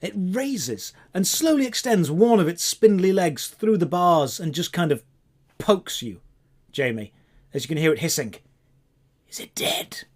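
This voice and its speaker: A man running a tabletop game as game master, narrating scenes in a descriptive, drawn-out way. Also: high-pitched, sing-song, a little mellow.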